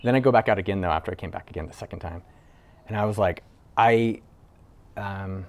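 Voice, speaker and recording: Host, male, slightly low voice, telling a raw personal story in a casual, rambling way. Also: fairly quick, gravelly. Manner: loose and conversational, with frequent "like" fillers and casual swearing. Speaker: entrepreneur video host. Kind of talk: candid personal storytelling to camera.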